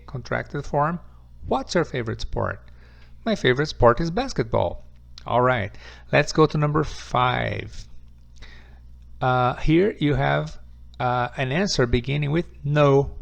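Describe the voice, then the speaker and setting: A male English teacher with a heavily gravelly, creaky voice, talking through grammar points patiently. His first language is Portuguese, and he slows down to repeat example sentences for his students. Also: medium pitch. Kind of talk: online English grammar lesson.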